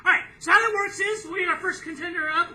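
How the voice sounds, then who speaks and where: A man's voice: very high-pitched, fast, sharp tone. A man emceeing a live comedy contest, explaining the rules in a loose, upbeat, rambling way. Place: comedy club stage. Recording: distant room recording, faint noise.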